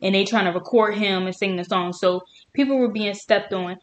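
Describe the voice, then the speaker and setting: A woman co-hosting a casual podcast chat, telling stories with animated, opinionated emphasis. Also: mid-range voice, normal speed, a little hiss or hum. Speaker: podcast co-host.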